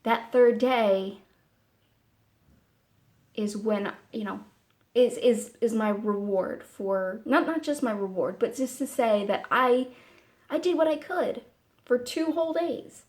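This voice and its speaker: A woman talking casually to camera in a personal vlog, meandering and halting, with many fillers and restarts. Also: on the high side. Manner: soft and candid. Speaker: vlogger.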